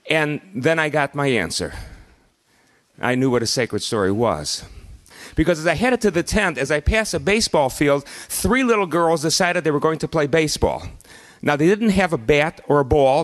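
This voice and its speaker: A man telling a story live on a festival stage, animated and acting out children's shouts. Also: mid-range voice.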